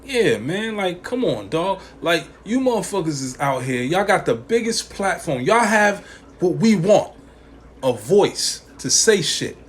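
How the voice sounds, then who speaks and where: A man's voice: high-pitched, sing-song, a little slow, slight background noise. A man hosting a podcast, ranting emphatically in profane slangy talk and repeating lines to hammer a point home. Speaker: podcast host. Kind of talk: opinionated podcast rant.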